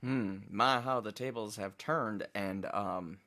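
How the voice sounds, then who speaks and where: A man giving casual reaction commentary, with slow, drawling asides and plenty of swearing. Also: fairly low pitch, pushed and bright. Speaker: reaction video host.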